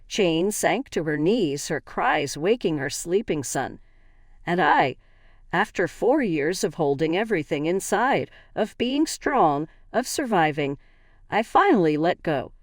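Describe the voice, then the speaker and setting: A woman's voice: on the low side, lively intonation, measured pace, no room sound, clean studio sound. A woman narrating a dramatic first-person family story in an emotional storytelling manner.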